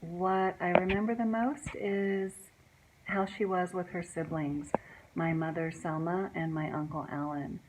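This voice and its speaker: A woman with a slightly low voice speaks reflectively as she shares family memories. Background noise sits under her voice. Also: fairly even intonation, measured pace. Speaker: niece. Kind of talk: family remembrance.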